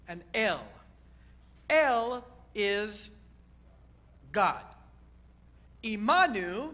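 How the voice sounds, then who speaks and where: A man's voice: sits high, bright, forceful tone. A man, a rabbi, preaching a sermon to a congregation, repeating key words and building to emphatic peaks.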